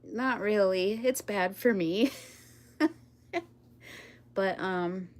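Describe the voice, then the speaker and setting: A woman's voice: mid-range voice, extremely slow, a little mellow. A woman chatting casually on a live stream, rambling, laughing often and talking to her pets and viewers.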